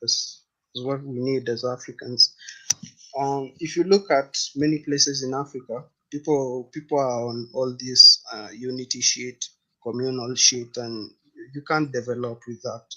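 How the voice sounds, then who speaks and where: A man's voice: mid-range voice, steady tone, measured pace, sharp tone, lo-fi sound. A man on a casual group call, giving blunt, opinionated views. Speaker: guest.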